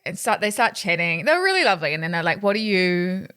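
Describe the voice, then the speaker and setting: A woman's voice: lowish voice, sing-song, quick pace, fairly bright tone, clear, resonant tone. Young woman rambling through anecdotes. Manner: rambling anecdotes, acts out dialogue. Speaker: podcast co-host. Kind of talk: casual chat.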